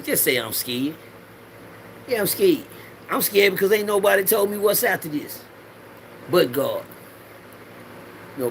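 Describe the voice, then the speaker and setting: A man's voice: on the high side, gravelly, fairly bright tone, a little hiss or hum. A middle-aged man rambling through a preachy personal monologue in loose slang, swearing freely and repeating lines for the audience to say back. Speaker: vlogger.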